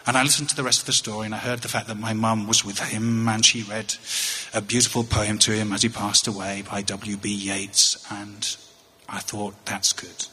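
A middle-aged English man telling a wry story on stage as a touring comedian, halting and often repeating his words. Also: fairly low pitch, little pitch movement, sharp tone. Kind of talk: storytelling stand-up. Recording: echoey hall.

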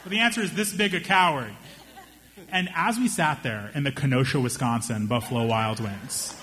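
A young man doing stand-up storytelling, animated and acting out the people in his story with raised voices. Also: mid-range voice, moderate pace, noisy background. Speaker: stand-up comedian.

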